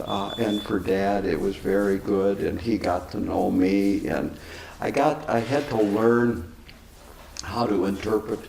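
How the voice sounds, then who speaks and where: An older man, a Buddhist teacher, answering questions with unhurried, chuckling stories. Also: lowish voice, creaky, darkish tone. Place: meditation center hall. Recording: echoey room, faint noise.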